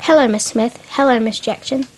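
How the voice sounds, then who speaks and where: A woman's voice: fairly high pitch, moderate pace, lightly acted, poor audio. A woman reading as a curt male principal. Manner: curt, weary. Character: stern bald male school principal.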